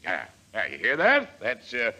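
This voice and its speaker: An actor playing a jovial, boastful Western rancher in 1940s radio acting, full of folksy slang and chuckles. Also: male voice, mid-range voice, wildly swooping pitch, normal speed, pushed and bright, full character voice.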